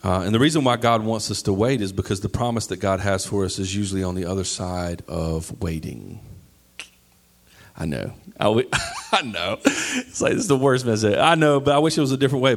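A man preaching a lively, conversational sermon, joking with the congregation and acting out quoted voices. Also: on the low side, fairly quick. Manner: animated, acts out quoted voices, jokes with the congregation.

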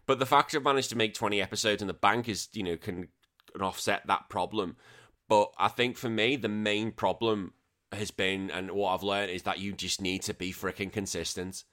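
A man's voice: fairly low pitch, steady tone, moderate pace, pushed and bright. A young British man hosting a podcast, chatting casually and rambling through listener questions, swearing now and then. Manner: rambling, swears often, self-deprecating. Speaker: podcast host.

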